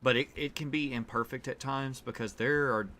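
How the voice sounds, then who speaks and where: A man's voice: medium pitch, fairly even intonation, moderate pace, bright, forceful tone. A man giving casual let's-play commentary from his desk at home, rambling and thinking aloud as he plays. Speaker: gaming YouTuber.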